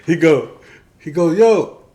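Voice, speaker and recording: A man co-hosting a podcast, telling a funny story in an animated way and laughing often. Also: fairly high pitch, moderate pace. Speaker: podcast co-host. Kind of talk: casual storytelling.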